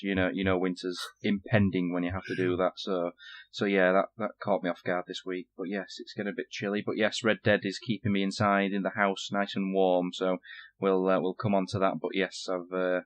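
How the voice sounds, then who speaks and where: A man's voice: low voice, flat delivery, brisk. A Northern English man co-hosting a gaming podcast, rambling and repeating himself with lots of fillers. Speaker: podcast co-host. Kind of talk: casual podcast chat.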